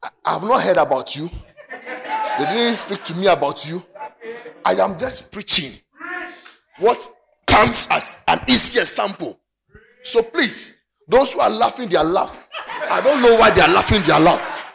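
Ghanaian pastor man preaching in church, singsong swoopy delivery, gravelly. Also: sits high, moderate pace, pauses often, a crowd in the background. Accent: Ghanaian English. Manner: animated, sing-song preaching with shouts and laughter. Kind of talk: sermon. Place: church, in front of a congregation.

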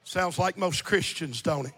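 A high-pitched man preaches with fervor, his voice bright and edged with a husky rasp. He swings between loud appeals and hushed, near-whisper passages. The sound rings with the long reverb of a large hall. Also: a little slow. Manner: impassioned preaching, swinging from shouts to hushed tones. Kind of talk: sermon.

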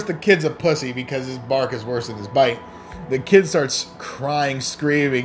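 A man's voice: fairly high pitch, moderate pace, faint music behind. A man hosting a casual solo podcast, rambling and swearing freely in a loose, crude way. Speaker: podcast host.

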